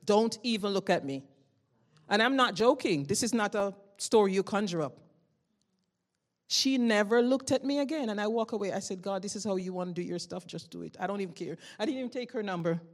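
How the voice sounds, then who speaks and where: A woman giving a spoken testimony to a congregation, telling a story with lively swings from loud exclamations to hushed tones and frequent laughter. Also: mid-range voice, fairly quick. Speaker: church member giving testimony.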